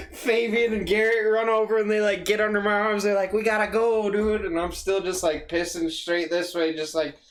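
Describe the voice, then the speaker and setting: A young woman in casual podcast chat, telling crude stories loudly and laughing as she goes. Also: mid-range voice, moderate pace. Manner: loud, laughing, crude storytelling. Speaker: guest, cousin.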